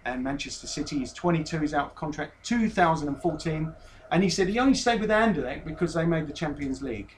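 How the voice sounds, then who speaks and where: A man's voice: a little high, animated, fast talker, slight background noise. A man hosting a casual football podcast, teasing his guest and reading out transfer news. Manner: jokey, teasing, reads out player news. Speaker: podcast host.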